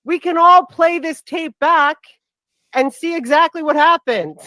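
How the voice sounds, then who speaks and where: A woman arguing on a live call in a measured, lecturing way. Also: very high-pitched, pushed and bright, no room sound.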